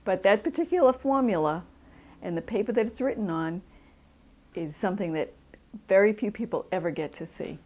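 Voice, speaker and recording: A woman from the almanac staff, explaining its history in a measured documentary interview. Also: medium pitch, animated, a little mellow.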